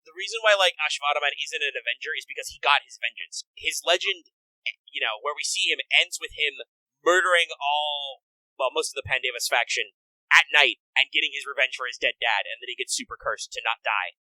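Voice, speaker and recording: A man co-hosting a casual talk about a video game, animated, swearing often and slipping into quick character voices. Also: a little high, no room sound, rough recording. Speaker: podcast co-host.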